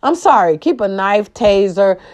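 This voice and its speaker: A vlogger with a medium-pitched voice and lively intonation delivers an impassioned rant at a measured pace. She's blunt and profane, repeating phrases for emphasis.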